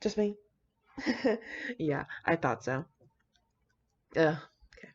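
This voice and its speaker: A woman's voice: sits low, expressive, slow. A young woman reading fan fiction aloud and breaking off into giggly, profane, gushing asides, on a dull lo-fi home recording. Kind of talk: casual reading and reacting.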